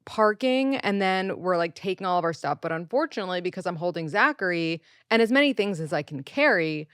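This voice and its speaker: Woman podcast host, thirties, chatty and animated storyteller, dry close sound. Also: lowish voice, clean tone, dry recording. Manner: animated, quotes people in raised voices, swears. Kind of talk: casual storytelling.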